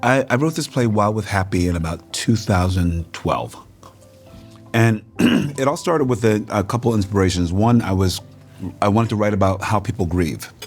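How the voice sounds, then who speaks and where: A middle-aged man, a guest in a casual interview over a meal, telling lively stories and acting out the voices of the people in them. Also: lowish voice, normal speed, faint music behind. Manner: animated storyteller, acts out quoted voices.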